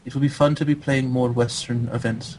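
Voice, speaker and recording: A man doing an impression of a soft-spoken young male gamer friend, meek and polite. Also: mid-range voice, flat delivery, fairly quick, a little hiss or hum, natural voice, rough recording. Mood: mild.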